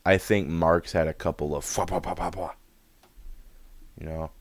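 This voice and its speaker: A man's voice: sits low, fairly even intonation, normal speed, dry recording. A man hosting a reaction video, exclaiming and swearing freely as he muses aloud in casual commentary.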